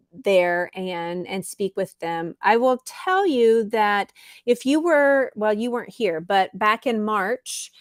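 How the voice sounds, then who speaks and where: Slow, clear-voiced woman teaching English. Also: medium pitch, no echo. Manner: slow, patient, reads chat comments aloud. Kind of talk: live-stream English lesson.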